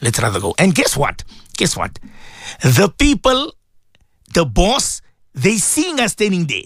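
A male radio presenter giving an impassioned sermon, emphatic and repetitive, dropping low and solemn then rising to high exclamations. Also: wildly swooping pitch, slow, a bit bright, dry recording, clean studio sound.

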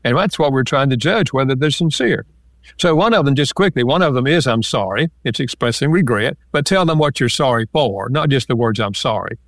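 As a guest in an interview conversation, an author and marriage counselor explains things calmly and backs them with examples. His mid-range voice is brisk, and the recording is dry and close.

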